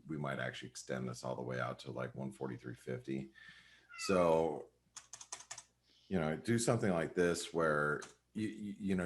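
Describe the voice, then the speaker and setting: A man's voice: a bass voice, slight background noise. A man giving casual live market commentary on a webinar, rambling with lots of fillers and repeated words, heard over a video call. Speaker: market analyst on a trading webinar.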